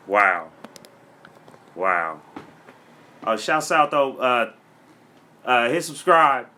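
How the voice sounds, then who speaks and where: A man's voice: medium pitch, sharp tone, a little hiss or hum. A man from Florida, a comedian and rapper, freestyling and then telling a story in a brash, profane, streetwise way. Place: home studio.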